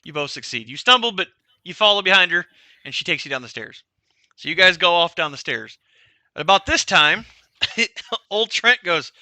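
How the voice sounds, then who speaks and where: Give me a casual, rambling male game master with a bright voice and a dry mic. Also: sits high, animated, moderate pace, dry recording. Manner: casual, rambling, laughs while narrating. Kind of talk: narrating a tabletop game.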